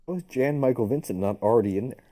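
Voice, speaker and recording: Dark-voiced man playing a tabletop game. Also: mid-range voice, fast talker. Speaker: player. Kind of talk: casual tabletop play.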